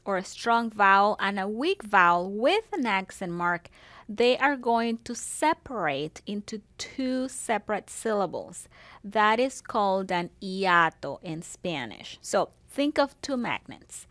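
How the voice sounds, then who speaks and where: A woman's voice: medium pitch, a bit bright, no echo. A woman teaching a Spanish class on video, explaining grammar in a patient way and checking in with "okay" and "see".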